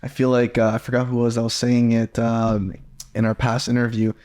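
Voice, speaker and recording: A man's voice: medium pitch, completely flat delivery, fairly quick, darkish tone. A young man co-hosting a podcast, chatting casually and reading comments aloud with an easygoing manner and a few hesitant fillers. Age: young adult. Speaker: podcast co-host.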